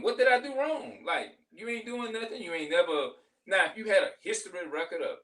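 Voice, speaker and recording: A man's voice: a little high, fairly bright tone, far from the mic. A middle-aged man venting in a heated, profane, rambling monologue, repeating himself as he goes. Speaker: vlogger.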